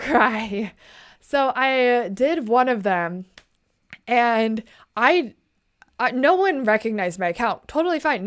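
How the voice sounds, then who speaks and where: A young woman vlogging in a casual late-night chat, telling a story in a chatty, indignant, slangy way and keeping her voice down. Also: a little high. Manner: keeps her voice down.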